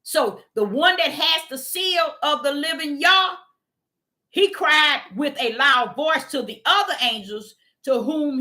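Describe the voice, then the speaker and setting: High bright animated woman preaching. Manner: animated, swings between shouting and murmuring, addresses listeners as y'all. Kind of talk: informal sermon teaching.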